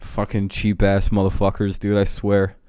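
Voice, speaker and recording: A man's voice: on the low side, completely flat delivery, moderate pace, darkish tone, smooth, dry recording, clean studio sound. A young man ranting casually to his live-stream chat, swearing a lot, laughing often and getting heated.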